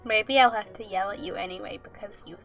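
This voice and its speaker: A woman's voice: mid-range voice, fairly quick, gravelly, a bit bright, faint music behind. A young woman streaming a game, chatting casually with viewers, giggling and reading game text and chat aloud.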